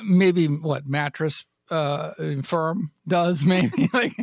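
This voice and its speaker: A man hosting a podcast in casual, rambling chat, with a raspy voice and a jokey, self-mocking way of talking. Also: fairly high pitch, very slow, hardly any pauses, over music. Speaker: podcast host.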